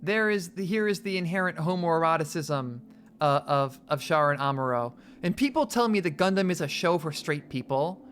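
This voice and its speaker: A woman chatting casually on a live stream, excitable and swearing freely, cooing at her dog between thank-yous. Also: low-pitched, normal speed.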